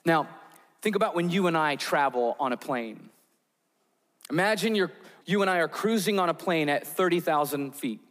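A man preaches a sermon in a large hall, and his voice rings out with a long reverb. His voice sits a little high. He builds tension by walking listeners through vivid, imagined scenes. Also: animated, moderate pace, a bit bright. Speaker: pastor.

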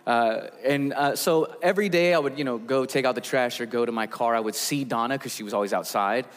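A man's voice: medium pitch, fairly quick. A man, a pastor, preaching a sermon in a conversational storytelling way with frequent fillers. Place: church sanctuary. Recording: long church hall reverb.

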